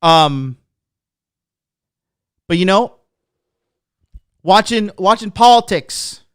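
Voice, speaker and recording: High, clear-voiced ranting man. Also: expressive, extremely slow, fairly bright tone, no echo, studio quality. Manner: profane, blunt and mocking. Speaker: podcast host. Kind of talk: ranting monologue.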